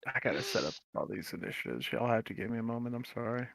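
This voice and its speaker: A man running a tabletop game online as game master, easygoing and quick with the rules math. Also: mid-range voice, expressive, creaky, a bit bright, dry recording.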